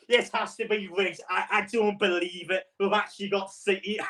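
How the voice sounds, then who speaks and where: Exasperated football fan, off-mic. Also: male voice, sits high, fairly even intonation, fairly quick, few pauses, fairly bright tone, distant mic. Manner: exasperated, swearing, rambling with stutters and laughs. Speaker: football fan streamer reacting to a cup draw. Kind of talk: live reaction commentary.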